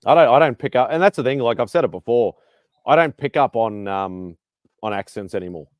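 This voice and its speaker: A man hosting a casual online chat show, rambling and swearing casually between quick laughs. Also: medium pitch, lively intonation, dry recording. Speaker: podcast host.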